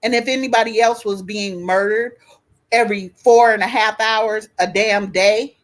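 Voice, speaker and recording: A woman's voice: mid-range voice, fairly even intonation, moderate pace. A woman in her fifties co-hosting a casual discussion, talking bluntly and profanely with a fired-up edge. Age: 50s. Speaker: podcast co-host.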